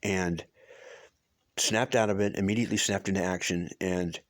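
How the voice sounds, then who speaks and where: A man's voice: low-pitched, fairly even intonation, moderate pace, no room sound. A middle-aged man telling a personal story in a casual, rambling way, restarting often and swearing for emphasis. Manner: rambling, with many restarts and fillers.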